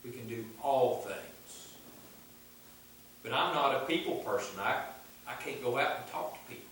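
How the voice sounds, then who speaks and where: A man's voice: medium pitch, expressive, moderate pace, fairly bright tone, a little hiss or hum. A man preaching a fervent sermon in a church, emphatic and repeating his refrains. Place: church sanctuary. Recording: echoey church from far off.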